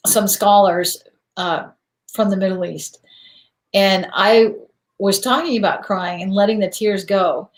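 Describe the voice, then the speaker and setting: A woman host speaks in a candid, reflective and self-deprecating way, with a voice of ordinary pitch. Her voice carries a noticeable echo from the room. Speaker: podcast host. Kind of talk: casual conversational interview.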